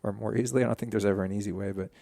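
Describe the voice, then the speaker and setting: A man's voice: lowish voice, racing, vocal fry, no room sound. A man in his forties, a podcast guest, candidly telling a personal story in a casual, profane way. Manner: candid, profane, animated retelling.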